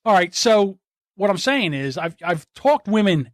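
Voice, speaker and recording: A man trading crude jokes on a podcast, his voice rising and falling a lot. He laughs often and breaks into high mock voices. The sound is dry and close. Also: very animated, a little slow, no echo. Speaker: podcast co-host. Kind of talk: casual crude banter.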